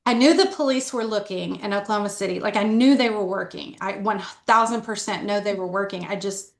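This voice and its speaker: A woman's voice: mid-range voice, fairly quick, gravelly, reverberant. A middle-aged woman telling her story candidly as a podcast guest, talking earnestly with a lot of "like" fillers. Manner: earnest, conversational, frequent "like" fillers.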